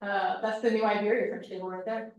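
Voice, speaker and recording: A woman presenting a casual workshop, chatty and animated, acting out quoted reactions as she explains things. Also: mid-range voice, brisk, lo-fi sound. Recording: echoey room, mic from far off.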